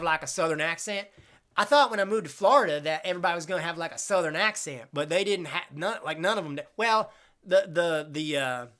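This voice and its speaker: A man's voice: on the high side, pushed and bright. A young man hosting a casual live stream, answering viewer questions in a blunt, rambling way and swearing casually.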